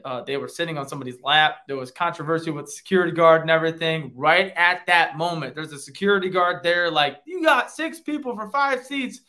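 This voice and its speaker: A man with a high, bright, forward voice tells a story in loose, casual talk. He rambles and keeps correcting himself as he goes.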